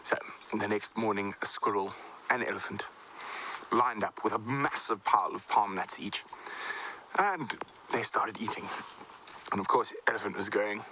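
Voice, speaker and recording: A man's voice: fairly low pitch, normal speed, pauses often, a little hiss or hum, low-quality recording. A man, a safari show presenter, playfully telling a folktale from inside a tent. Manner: playful, animated. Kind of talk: folktale storytelling. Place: canvas tent in rain.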